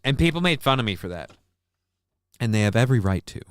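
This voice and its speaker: A man's voice: mid-range voice, big pitch swings, fast talker, a bit bright, smooth, dry recording. A man hosting a podcast, ranting angrily and sarcastically with profanity about politics from a home studio. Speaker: podcast host. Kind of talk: heated political rant.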